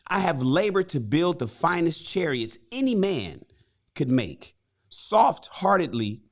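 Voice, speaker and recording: A man voicing a frustrated working-class chariot builder, retelling a parable in profane street slang. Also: a little high.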